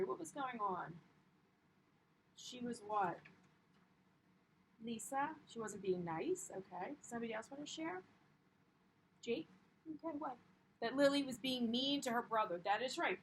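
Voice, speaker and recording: A young woman with a voice on the high side gives a classroom read-aloud lesson to a primary class. She is upbeat and encouraging, often saying "um" as she explains, and the poor audio carries some hiss or hum.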